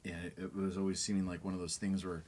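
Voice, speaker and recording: A man co-hosting a casual podcast, playful and quick to laugh. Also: sits low, level tone, darkish tone, slight background noise. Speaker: podcast co-host, drummer. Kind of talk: casual banter.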